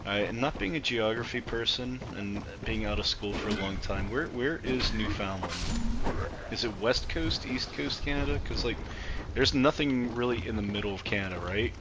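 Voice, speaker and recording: A man's voice: mid-range voice, moderate pace. A man chatting casually on a gaming stream, hesitant and repeating his words. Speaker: co-player. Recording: very noisy voice chat.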